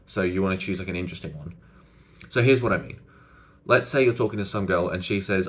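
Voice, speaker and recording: A man's voice: sits low, fairly quick, long pauses, fairly bright tone. Casual young man giving advice. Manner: loose and conversational, many "like" fillers and restarts. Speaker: social skills coach. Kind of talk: casual to-camera advice talk.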